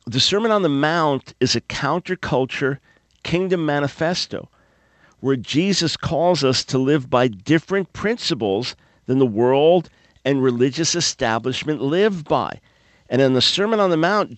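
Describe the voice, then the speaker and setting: A man hosting a radio Bible teaching program, speaking with firm preacherly emphasis and landing hard on repeated words. His voice sits at an ordinary middle pitch. The studio microphone gives a close, dry sound with no room echo. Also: sing-song, measured pace. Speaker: radio talk show host.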